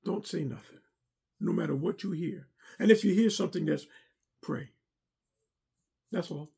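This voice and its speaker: A middle-aged man gives a heartfelt testimony with a gravelly, slightly husky voice. His tone is mellow and warm. He talks in an earnest, preacherly way and keeps coming back to the same points. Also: on the high side, normal speed. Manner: earnest, preacherly, repeats himself. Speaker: former armor bearer and driver to a pastor. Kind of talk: personal testimony talk.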